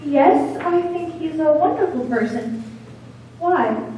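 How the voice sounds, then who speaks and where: Teen girl plays a sardonic, dry secretary: mellow and high, heard on a distant stage mic. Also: animated, takes it slowly, slight background noise, heavily acted. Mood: wry. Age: teens. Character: dry, wry woman secretary. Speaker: student stage actor. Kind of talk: school stage play. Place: school theater stage. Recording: echoey stage from far off.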